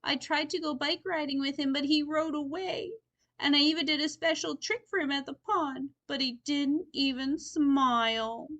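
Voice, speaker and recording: A woman voicing a young boy turtle in a children's storybook reading, talking high and excited, then pleading. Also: moderate pace, dull audio. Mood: sad.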